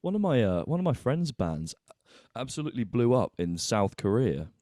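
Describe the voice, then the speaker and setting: A man's voice: medium pitch, very animated, moderate pace, dark tone, dry recording, clean studio sound. A man hosting a podcast, asking questions in a rambling way that often trails off and restarts. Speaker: podcast host. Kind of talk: casual podcast chat.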